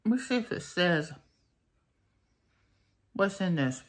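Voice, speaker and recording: A woman's voice: lowish voice, lively intonation, slow. A woman, chatting folksily to her viewers in a casual taste-test vlog. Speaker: vlogger.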